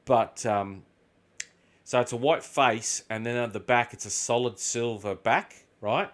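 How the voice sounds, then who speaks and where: An Australian man talks over his gameplay at an ordinary pitch, in a loose, meandering way. He swears often and tells animated stories. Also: measured pace. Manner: rambling, swears freely, tells animated anecdotes. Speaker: gaming video host. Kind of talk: casual chat while gaming.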